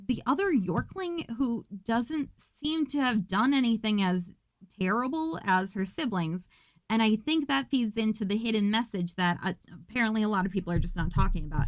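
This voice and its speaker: A woman's voice: a little high, dry recording. Joking, foul-mouthed woman podcast host. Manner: joking, profane, rambling asides. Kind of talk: casual movie recap.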